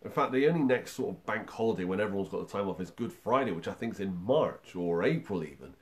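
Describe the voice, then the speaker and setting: A man's voice: low voice, animated, fast talker. Upbeat man hosting a kids' livestream. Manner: upbeat, chatty and encouraging, with many fillers. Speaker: children's music livestream host. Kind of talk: friendly livestream talk to young children and parents.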